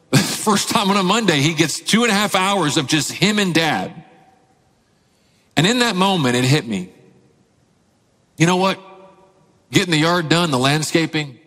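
A man in his thirties, a pastor preaching a sermon, telling a family story with lively acted-out quotes. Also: on the high side, long reverb tail. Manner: animated storyteller, acts out quotes, laughs often.

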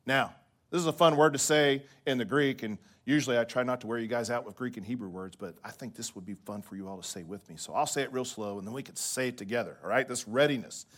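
Preaching energetically and fast to his congregation, a medium-pitched pastor punctuates his sermon with "right?" At times he lowers his voice to a soft hush to drive a point home.

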